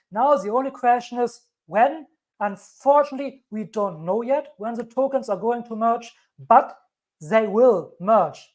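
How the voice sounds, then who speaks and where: Speaking in a fairly high, slightly mellow voice, this crypto channel host has a thick German accent. On her live stream she reads out news, stresses and repeats her points, and reassures her audience.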